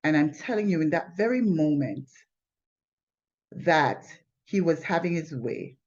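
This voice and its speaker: A woman's voice: low voice, expressive, a little slow. A woman telling her personal testimony in an earnest, plainspoken way, often restarting her sentences. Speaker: testimony sharer. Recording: slightly dull lo-fi recording.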